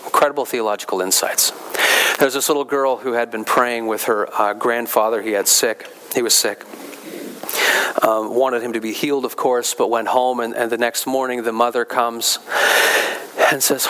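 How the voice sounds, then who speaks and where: A man's voice: mid-range voice, flat delivery, normal speed, fairly bright tone, a little hiss or hum, low-quality recording. A male pastor giving a conversational sermon, repeating key phrases for emphasis.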